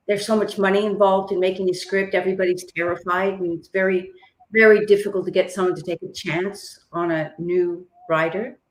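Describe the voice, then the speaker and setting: A woman's voice: fairly low pitch, reverberant. A woman singer-songwriter and author, chatting as a podcast guest in a self-deprecating way and laughing often. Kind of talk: casual interview chat. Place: lives in Melbourne.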